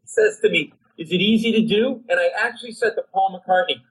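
Excitable man telling a comic story. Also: low-quality recording. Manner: fast, excitable storytelling, lurching into high shouted asides. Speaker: comedian guest. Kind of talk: animated storytelling on a podcast.

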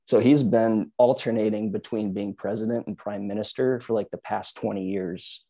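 A man's voice: lowish voice, steady tone, moderate pace, dark tone, no room sound. A man chatting casually on a podcast, telling stories and explaining news with many fillers and restarts. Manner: rambling storyteller, many "like"s and restarts. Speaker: podcast co-host. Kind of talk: casual chat.

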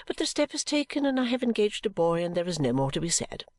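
A woman reader voicing a calm, detached mother who brushes off her daughter in a clear, smooth voice. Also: medium pitch, fast, no echo, lightly acted. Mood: serene, dismissive. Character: serene, detached, self-absorbed middle-aged mother.

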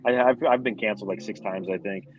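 A man's voice: on the low side, fast talker, dull audio. A talkative man co-hosting a casual sports podcast from an arena, swearing freely. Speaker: podcast co-host.

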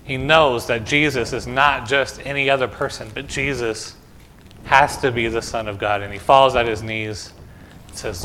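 Man, pastor, bright voice, chatty children's sermon, church, faint hiss. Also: mid-range voice, steady tone, normal speed. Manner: conversational, asks children questions. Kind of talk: gospel reading and children's sermon. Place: church sanctuary.

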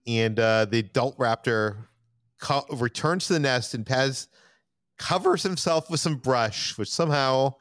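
Guy hosting a podcast, recaps scenes and laughs a lot, smooth clear voice, very dry sound. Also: medium pitch, a little slow, a bit bright, dry recording. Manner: recaps plot, asks co-hosts questions, laughs often. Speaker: podcast host. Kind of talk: casual podcast discussion.

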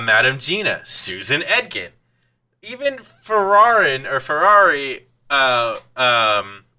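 Very bright, opinionated man. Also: on the high side. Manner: opinionated, measured, self-correcting. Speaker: podcast co-host. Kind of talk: casual movie review chat.

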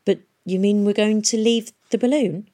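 A woman doing a squeaky panicky young lad. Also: normal speed, dark tone, close to an everyday voice. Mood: alarmed. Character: anxious young male apprentice, easily frightened. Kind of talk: audiobook character voice.

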